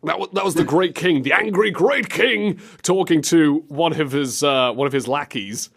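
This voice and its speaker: A man's voice: on the high side, normal speed, creaky, hardly any pauses, fairly bright tone. A man hosting a comedy podcast, giddy and laughing often as he mocks game clips. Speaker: show host.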